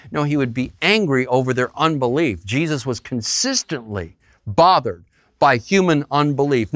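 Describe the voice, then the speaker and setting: A man's voice: a little high, fairly bright tone, no room sound. A man preaching a sermon as pastor, acting out quoted voices.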